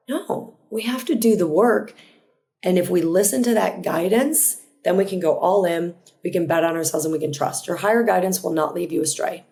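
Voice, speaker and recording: Earnest woman with a low voice, podcast host. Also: vocal fry, dark tone. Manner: earnest, reflective, with frequent restarts and quick asides. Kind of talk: motivational solo podcast talk.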